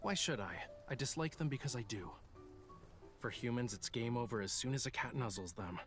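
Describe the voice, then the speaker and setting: A man's voice: mid-range voice, lively intonation, a little fast, soft background music, close to an everyday voice. An actor playing a vain, aloof young male artist in a story game, speaking in a sardonic, haughty way. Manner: sardonic and haughty, melodramatic when upset. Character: vain, aloof young man, an artist who hates cats.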